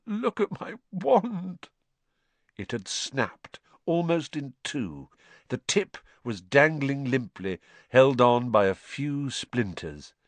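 A man narrating a story aloud, expressive and acting out the dialogue. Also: mid-range voice, slow, no room sound. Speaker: audiobook narrator. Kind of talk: scripted narration.

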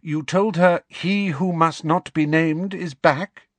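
A man's voice: on the high side, steady tone, takes it slowly, no room sound, voice pushed up. A man voicing a strict older woman professor who speaks in clipped, scolding questions. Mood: interrogating. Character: stern older female professor, strict and brisk.

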